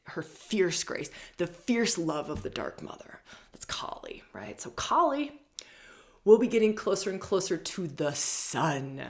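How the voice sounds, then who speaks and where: A woman's voice: fairly low pitch, sing-song, measured pace. A woman hosting an astrology forecast, talking emphatically and repeating key phrases. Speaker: astrology show host. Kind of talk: spiritual astrology forecast talk.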